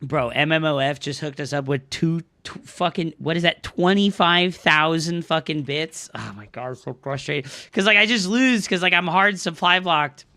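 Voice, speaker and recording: A young man streaming a strategy game live, his voice sitting fairly high and sounding bright and forceful. He talks to his chat in a rush of excitable, profane commentary as he plays. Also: moderate pace, few pauses. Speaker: streamer and coach.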